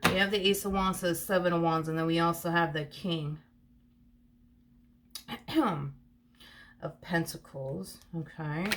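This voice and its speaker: A woman with a fairly low voice gives an offhand tarot reading. She talks in a chatty, rambling way, often repeats herself, and keeps breaking into giggles. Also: steady tone, slow pace, pauses often. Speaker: tarot card reader. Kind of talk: casual tarot reading to camera.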